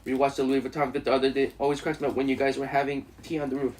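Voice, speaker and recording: A man's voice: medium pitch, steady tone, fast, a bit bright. A man hosting a casual live stream while eating, joking and laughing often with his chat.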